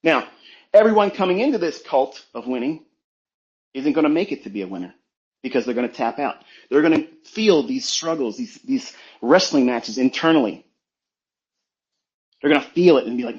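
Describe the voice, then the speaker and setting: A man's voice: mid-range voice, animated, normal speed, long pauses. Blunt, profane man preaching, muffled audio. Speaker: trading mentor. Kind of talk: motivational talk on a live audio stream.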